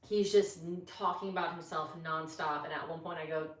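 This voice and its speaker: A woman's voice: deep voice, brisk, recorded from a distance. Chatty woman comedian, echoey room. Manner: chatty, animated retelling with lots of fillers. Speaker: comedian podcast host. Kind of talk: casual storytelling chat.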